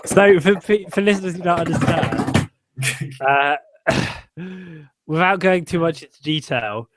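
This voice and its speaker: A man's voice: high-pitched, unhurried, heavy background noise. A man, co-hosting a podcast in a guarded, wry, casual chat. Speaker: podcast co-host.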